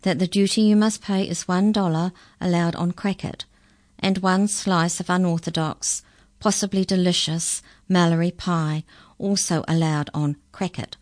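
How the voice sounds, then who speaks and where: A woman's voice: fairly low pitch, steady tone, moderate pace, natural voice. A woman reading aloud and voicing a pompous, officious male rat customs officer in a children's story. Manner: officious, formal.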